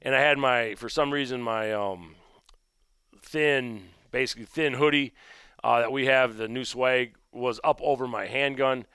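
A man hosting his own podcast, telling a story in a rambling, conversational way and dropping low and quiet when he recounts his own remarks. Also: measured pace, clean tone, dry recording, clean studio sound. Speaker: podcast host and gun shop owner. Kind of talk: casual storytelling monologue.

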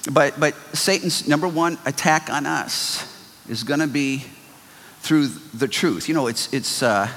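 Middle-aged male pastor, animated delivery, slightly higher voice, preaching in a reverberant church. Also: a little slow. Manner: animated, wide swings from loud exclamations to quiet asides. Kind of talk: sermon. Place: church sanctuary. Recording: long hall reverb.

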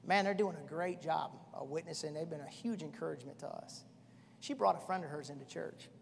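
A middle-aged man preaching a sermon as pastor, swinging from shouting to quiet storytelling. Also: fairly high pitch, a little fast, creaky, slight background noise. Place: church hall. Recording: echoey church hall.

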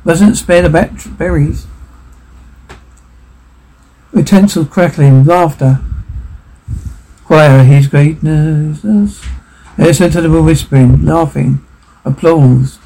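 A man reading out a video's on-screen captions, moving in a flat, running way between spoken lines and sound cues. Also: on the high side, a little slow, gravelly, slight background noise, poor audio. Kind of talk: reading out captions and dialogue aloud.

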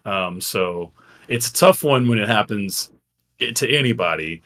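Man, low-pitched, podcast co-host, casual sports chat, profane, quick restarting bursts. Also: lively intonation, a bit bright.

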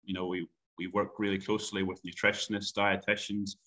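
Irish stud manager, young man, low bright voice, stop-start delivery with lots of restarts. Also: level tone. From Ireland. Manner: halting, many repeated words and ums. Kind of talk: phone interview chat.

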